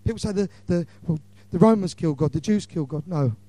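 A middle-aged man delivers an impassioned sermon in a mellow, warm voice that sits a little high. He swings between loud declarations and hushed asides. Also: quick pace. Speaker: preacher. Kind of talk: evangelistic sermon.

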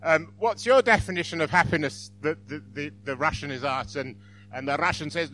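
A man's voice: fairly high pitch, brisk, pushed and bright, a little hiss or hum. Apologetic, chuckling man at church. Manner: self-deprecating, apologetic, chuckling. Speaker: church speaker. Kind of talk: informal church talk.

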